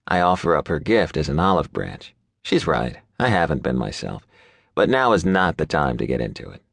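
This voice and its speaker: A man narrating an audiobook in first person, his voice deep yet expressive, moving freely in pitch. He sounds wry and inward-looking. The recording is close and dry. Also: moderate pace, gravelly, no echo.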